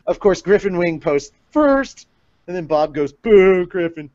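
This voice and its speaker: A man's voice: fairly high pitch, sing-song, a little slow, darkish tone. A man hosting a fan podcast, reading listener comments aloud in a rambling, joking way. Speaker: podcast host. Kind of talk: casual podcast chat. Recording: dull lo-fi stream audio.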